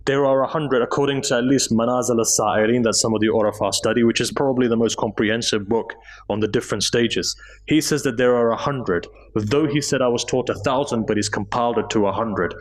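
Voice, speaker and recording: A man's voice: mid-range voice, a little fast, low-quality recording. A man preaching a sermon at a mosque, telling stories emotively, his voice rising in the moving passages. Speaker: speaker at a mosque gathering. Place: mosque hall.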